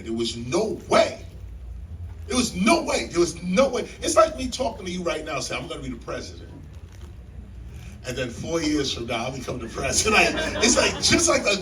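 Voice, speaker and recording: A man telling a story to a live audience in a library hall, animated and emphatic like a preacher, repeating key lines and jumping in pitch. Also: far from the mic, a little hiss or hum. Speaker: guest speaker on stage.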